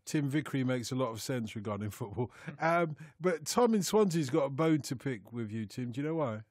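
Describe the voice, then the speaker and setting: Lively, teasing male radio host. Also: mid-range voice, brisk, dry recording, clean studio sound. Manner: playful, teasing, laughs often. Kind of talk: late-night radio phone-in banter. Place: radio studio.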